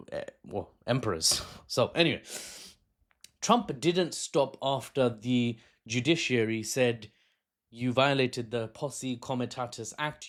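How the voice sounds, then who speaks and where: Chatty man with self-mocking asides. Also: on the low side. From Britain. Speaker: political analyst. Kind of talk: unscripted commentary video. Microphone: phone camera.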